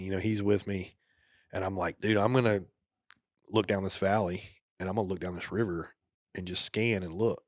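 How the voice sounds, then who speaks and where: A man with a fairly low voice recounts his time in combat as a podcast guest. He talks casually and laid-back, sinking into a hushed murmur at the grim moments. The recording is dry and close. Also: dry recording. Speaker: podcast guest, former soldier. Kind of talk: casual war storytelling.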